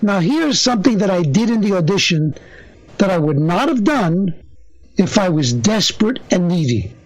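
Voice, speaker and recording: Lively, animated older male storyteller. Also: sits high, moderate pace, faint music behind, poor audio. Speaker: actor, guest. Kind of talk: storytelling interview.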